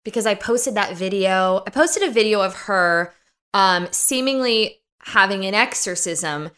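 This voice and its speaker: A woman in casual podcast chat, telling animated, profane stories with big swings in pitch. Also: unhurried. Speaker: podcast guest, commentator on influencers.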